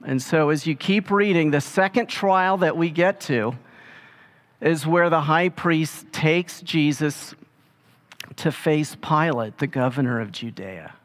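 A man preaching a sermon in a relaxed, conversational way, retelling scripture in everyday speech. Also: fairly high pitch, slow pace. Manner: casual storytelling, paraphrasing scripture in everyday speech. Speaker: pastor.

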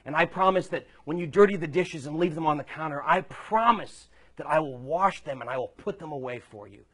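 A man playing a young groom who earnestly recites his wedding vows in a soft voice. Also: a little high, fairly quick. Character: adoring young groom, calm and self-satisfied.

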